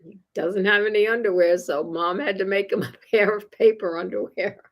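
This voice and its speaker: Her mid-range voice holds a steady tone at a moderate pace. She's a storytime reader sharing a picture book with young children, chuckling playfully and often posing questions to her listeners.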